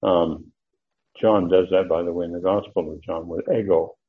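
An older man teaching a verse-by-verse Bible lesson, halting with many fillers and sudden emphatic rises. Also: sits low, steady tone. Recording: tinny phone-like recording.

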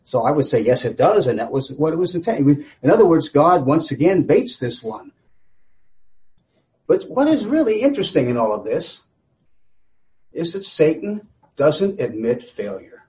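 A man's voice: on the high side, very animated, normal speed, darkish tone. A man teaching a Bible study in a conversational, rambling way, often restarting his sentences. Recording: slightly dull lo-fi recording.

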